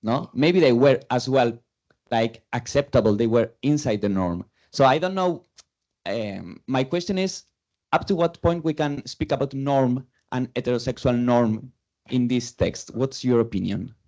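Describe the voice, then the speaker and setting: A man's voice: mid-range voice, lively intonation, unhurried, darkish tone. A man in the audience of an academic conference, thinking aloud as he asks a question. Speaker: audience member asking a question. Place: university lecture room.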